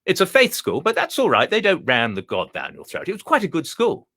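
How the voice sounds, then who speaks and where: A man's voice: a little high, huge pitch swings, fairly quick, bright, forceful tone, pitched above the performer's own voice, heavily acted. A man voicing a clever, upper-class male talking dog with a plummy, self-satisfied manner. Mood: smug.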